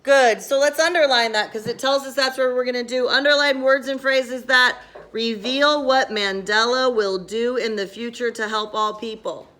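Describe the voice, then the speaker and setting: Female teacher, slightly high voice, brisk and directive, classroom lesson. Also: fairly bright tone.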